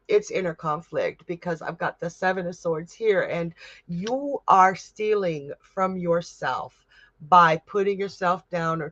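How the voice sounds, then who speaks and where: A woman working as a psychic medium who gives tarot readings on a livestream and reads viewer comments aloud in a gentle, comforting way. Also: fairly low pitch, no echo, highs cut off.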